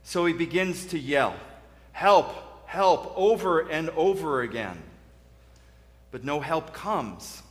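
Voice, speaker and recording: A man's voice: fairly high pitch, big pitch swings, takes it slowly, fairly bright tone. A male interim pastor preaching a sermon in a church sanctuary, telling stories in a conversational way with frequent restarts. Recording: long church reverb.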